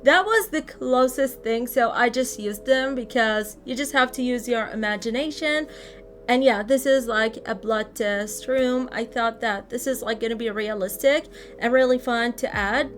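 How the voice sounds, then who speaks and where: A woman's voice: a little high, normal speed, slight background noise. A woman giving a casual, chatty voice-over tour of a game build, sometimes searching for words and laughing lightly. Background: faint background music.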